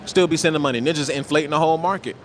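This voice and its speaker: A man's voice: on the high side, very fast, a little hiss or hum. A man from the United States hosting a livestream, talking in a casual, slangy, emphatic way and ending nearly every point with "right?". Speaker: livestream host.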